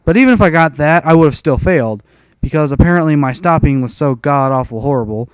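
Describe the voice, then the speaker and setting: A man's voice: a little high, animated, quick pace, clear, resonant tone, dry recording. A young man telling a rambling, profane story in a casual rant over gameplay. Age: young adult. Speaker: gaming commentator.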